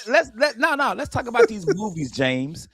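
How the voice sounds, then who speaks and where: A man's voice: high-pitched, wildly swooping pitch, normal speed, vocal fry, sharp tone, slightly rough. A man co-hosting a comedy talk radio show, emphatic and joking, repeating phrases to land a point. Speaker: radio co-host. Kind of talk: casual comedic radio banter. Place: radio studio.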